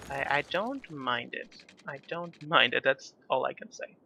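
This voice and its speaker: A man's voice: medium pitch, expressive, a little slow, vocal fry, pushed and bright, husky. A young man chatting casually over his own city-building gameplay, rambling and self-deprecating as he goes. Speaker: gaming YouTuber.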